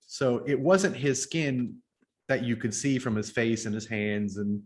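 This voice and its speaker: A man co-hosting a podcast, making his argument in a measured way with some hesitant fillers. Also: mid-range voice, a little mellow. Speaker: podcast co-host. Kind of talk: casual review discussion.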